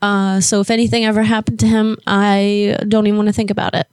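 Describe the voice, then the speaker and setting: A woman's voice: mid-range voice, little pitch movement, fast talker, smooth, no echo. A woman from Florida with a mid-range voice, co-hosting a casual live show. She tells stories bluntly and candidly, swearing without fuss, and the sound is dry and close. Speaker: podcast co-host. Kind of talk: casual live-stream chat.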